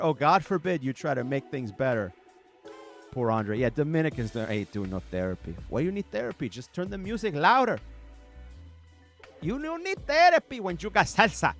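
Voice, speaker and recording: Animated man riffing to camera. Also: on the low side. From United States. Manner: animated, mocking impressions, rhetorical questions. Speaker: podcast host. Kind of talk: casual comedic monologue reading chat.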